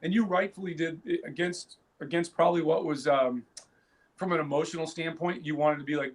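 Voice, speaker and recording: A lively, higher-voiced male podcast co-host. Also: brisk. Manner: animated storyteller, laughs loudly, frequent restarts. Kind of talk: casual chat.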